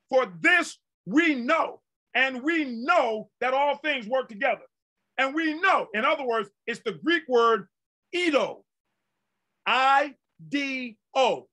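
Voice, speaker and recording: A middle-aged pastor preaching with a very high, bright, forceful voice. He hammers phrases over and over and rises into shouts for emphasis. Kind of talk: sermon.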